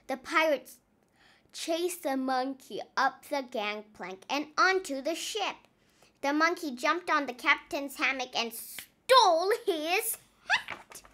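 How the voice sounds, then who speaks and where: A woman reading a children's storybook aloud with expressive, measured narration. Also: sits high.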